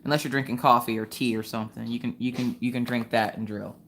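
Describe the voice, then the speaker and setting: A woman's voice: extremely low pitch, steady tone, fast talker, a little hiss or hum. A woman in her thirties from Pennsylvania, hosting a casual crafting livestream from home, chatty and laughing often as she tells family stories. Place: home, indoors.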